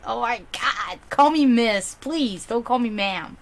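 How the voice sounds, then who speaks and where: A woman with a German accent carrying a slight Slavic touch, a native German speaker, chatting bubbly and casually as a psychic reader hosting a livestream. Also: lively intonation. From half German, half Serbian. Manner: chatty, bubbly, quick swings in pitch and loudness.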